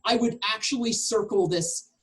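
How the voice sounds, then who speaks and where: A woman's voice: a little high, normal speed, rough recording. A woman teaching a real estate sales class in a chatty way, acting out conversations with clients.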